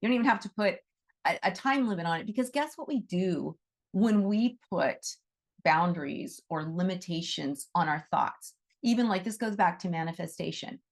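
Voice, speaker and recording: A woman's voice: lowish voice, gravelly. Chatty woman teaching a class. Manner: conversational, often checks in with "right?". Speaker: animal Reiki teacher. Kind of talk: casual teaching talk to a class.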